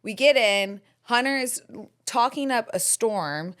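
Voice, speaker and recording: Her voice is on the high side, fairly bright and smooth, moving at a moderate pace. She's a woman in her thirties hosting a podcast, telling a candid, rambling story in a casual chat, with plenty of fillers and laughter.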